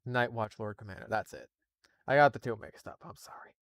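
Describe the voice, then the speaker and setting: A man's voice: lowish voice, brisk, gravelly, fairly bright tone, no room sound. A man doing a casual live reading of a horror story, swearing freely and breaking off into laughing asides. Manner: profane, laughing, digressive asides. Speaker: story reader, streamer.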